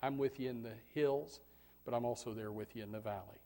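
A middle-aged male pastor preaching a sermon, animated, swinging from loud bursts to hushed tones. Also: medium pitch, brisk. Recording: long hall reverb.

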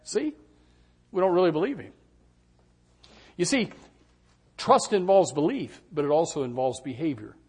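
An older male preacher delivering a sermon with a husky voice. His pitch swings widely as he preaches. He often jumps up to play the doubters in his congregation. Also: normal speed, pauses often. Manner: animated, acts out congregants' doubts in raised voices.

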